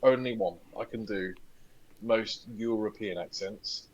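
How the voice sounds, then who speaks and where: A man's voice: lowish voice, a little slow, muffled recording. A young man co-hosting a podcast, telling stories with lots of energy and plenty of swearing. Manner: animated storyteller, swears freely. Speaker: podcast co-host. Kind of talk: casual chat.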